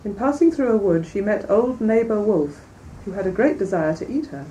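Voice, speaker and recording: A woman reading a classic fairy tale aloud in a measured, clear way, then commenting on it as a lecturer. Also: medium pitch, animated, mellow. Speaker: reader and lecturer. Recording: distant mic, faint background noise.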